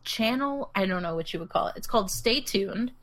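Young woman co-host, bright voice, playful emphatic banter. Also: medium pitch, fairly quick. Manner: animated, joking, emphatic. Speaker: podcast co-host. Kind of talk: casual chat.

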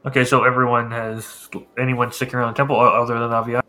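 Laid-back male game master, bright tone. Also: mid-range voice, flat delivery, fast talker. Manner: laid-back, narrates with "kinda". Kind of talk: narrating a tabletop game.

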